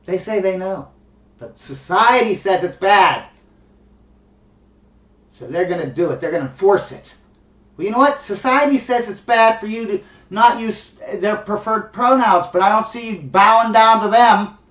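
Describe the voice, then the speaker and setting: A middle-aged man rants bluntly and profanely, with a high voice and short laughs between his points. He sounds far from the microphone, in an echoey room. The recording is dull and lo-fi. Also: normal speed, a bit bright. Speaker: commentary host. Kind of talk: casual ranting monologue.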